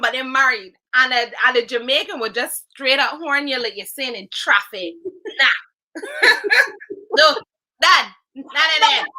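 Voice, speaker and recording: A woman's voice: high voice, pushed and bright. A young woman with a Bajan accent, chatting playfully and emphatically as an interview guest. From Barbados. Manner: playful, emphatic, bursts of laughter. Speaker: guest, soca artist. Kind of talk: casual interview chat.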